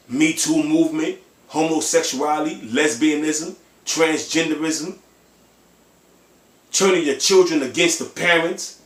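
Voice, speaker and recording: Fiery preaching man, echoey room. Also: a little high. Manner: emphatic, fiery, ends phrases with "man"; blunt and profane. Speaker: preacher on a livestream. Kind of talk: impassioned religious preaching.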